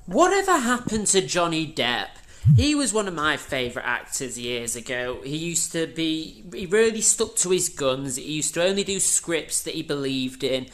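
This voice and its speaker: A man's voice: fairly high pitch, big pitch swings, normal speed, fairly bright tone. A man who works as an actor, telling wry anecdotes in casual chat with frequent ums. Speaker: caller, actor.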